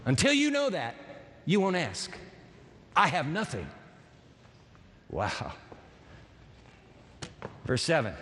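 A male pastor preaching through a Bible passage, telling it as a lively story with asides to the congregation. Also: on the high side, normal speed, long pauses. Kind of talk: sermon. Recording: long hall reverb.

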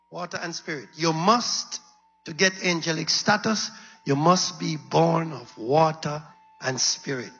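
A man with a husky voice preaches to his congregation, often repeating a line and calling out for answers. His voice sits high and rings sharp and bright. It carries a long reverb from a church hall, with faint music behind him. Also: normal speed. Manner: call-and-response preaching, repeating lines for emphasis. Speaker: pastor. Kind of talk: sermon.

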